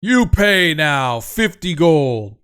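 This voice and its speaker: A man doing a loud, dim giant with broken speech. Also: on the high side, very animated, slow, smooth, full character voice. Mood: demanding. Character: dim-witted greedy male giant.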